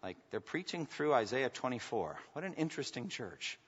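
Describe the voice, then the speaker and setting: A man preaching a sermon in a church, swinging from loud emphatic bursts to hushed asides. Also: mid-range voice, big pitch swings, normal speed, breathy edge. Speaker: pastor. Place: church sanctuary. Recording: muffled sound in a reverberant hall.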